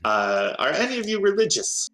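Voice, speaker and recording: A man's voice: high-pitched, huge pitch swings, normal speed, sharp tone. A man narrating a tabletop game as game master, hesitant and full of filler sounds.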